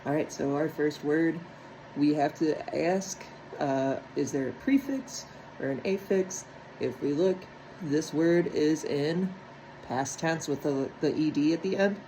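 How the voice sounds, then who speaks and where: A woman's voice: low-pitched, dark tone, a little hiss or hum, rough recording. Patient woman teaching a phonics lesson. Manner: patient, step-by-step, checks in with "right?".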